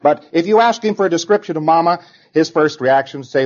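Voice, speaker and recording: A man's voice: a little high, animated, quick pace, a little mellow, lo-fi sound. A man giving an informal lecture in a conversational, digressive way, now and then acting out example voices.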